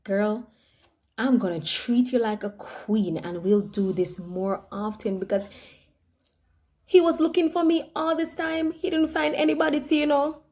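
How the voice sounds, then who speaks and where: A woman's voice: fairly high pitch, a little slow, mellow, close to an everyday voice. A Nigerian woman acting a newly engaged young woman, gushing and close to tears in a comedy skit. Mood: boastful.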